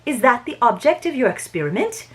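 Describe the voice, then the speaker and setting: A woman voicing a genteel young English woman with a put-on posh British accent, light and high. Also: big pitch swings, brisk, slight background noise. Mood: puzzled.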